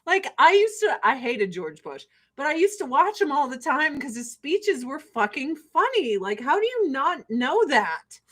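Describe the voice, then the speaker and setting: A woman's voice: high voice, sing-song, a little slow, hardly any pauses, fairly bright tone. A woman hosting a podcast, ranting in a blunt, profane, sarcastic way and laughing often. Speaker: podcast host. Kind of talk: casual ranting chat.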